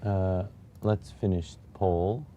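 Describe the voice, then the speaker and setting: A man's voice: deep voice, steady tone, slow pace, warm tone, a little hiss or hum. A man hosting a casual livestream, thinking aloud step by step as he works, with wry asides to his viewers. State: recovering back injury. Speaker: livestream host. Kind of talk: casual livestream chat while tinkering.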